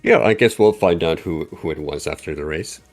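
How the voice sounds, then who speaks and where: A man's voice: a bass voice, brisk, soft background music. A man chatting casually as a guest on a gaming stream, hesitant and modest, often stammering as he restarts his sentences. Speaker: racer and guest. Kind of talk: casual chat.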